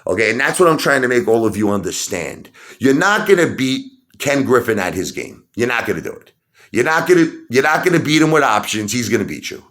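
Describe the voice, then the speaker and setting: Heated middle-aged man, animated vlog rant, bright sharp tone, swinging pitch. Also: a little fast. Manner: animated, repetitive, rising to shouts. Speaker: stock market video host.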